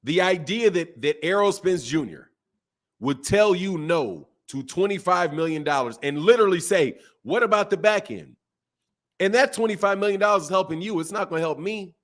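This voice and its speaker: A man giving a casual boxing commentary rant, animated and full of repeated rhetorical questions. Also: sits high, normal speed.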